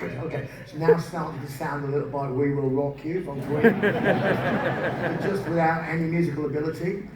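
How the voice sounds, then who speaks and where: A man's voice: fairly high pitch, moderate pace. A man telling self-mocking stories on stage as a spoken word performer, bursting into song. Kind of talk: live comic storytelling on stage. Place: large live venue. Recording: echoey hall, distant mic, background noise.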